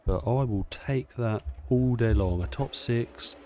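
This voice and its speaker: A man's voice: medium pitch, takes it slowly, a little mellow. A man chatting casually to himself while playing a racing game. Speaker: gameplay streamer. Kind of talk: casual gameplay commentary.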